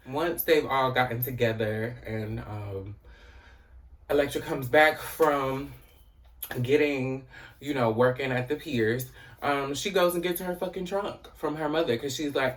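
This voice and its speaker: A man talks through a TV episode in a loose, chatty recap, peppering his sentences with "you know" and "um" and the odd curse. His voice sits at an everyday middle pitch. He sounds a little distant from the mic. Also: normal speed. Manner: chatty, profane, frequent "you know" and "um" fillers. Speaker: TV recap host.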